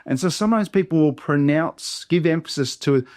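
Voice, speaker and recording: A man with an Australian accent, a pastor teaching how to read hard biblical names aloud, sounding each one out slowly and deliberately. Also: fairly high pitch, a little mellow, no echo, studio quality. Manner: slow, deliberate syllable-by-syllable modelling. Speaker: pastor teaching Bible reading. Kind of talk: workshop teaching pronunciation.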